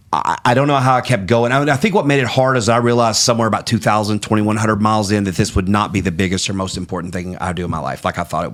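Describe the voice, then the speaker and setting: A man telling stories as a guest on a podcast, candid and animated, laughing at his own tales. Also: lowish voice. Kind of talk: storytelling in a podcast interview.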